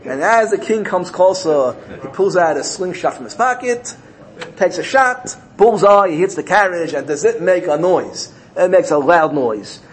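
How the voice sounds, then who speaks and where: A man giving a sermon through animated storytelling, repeating key phrases for emphasis. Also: high-pitched, moderate pace, low-quality recording. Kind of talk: sermon built on told parables.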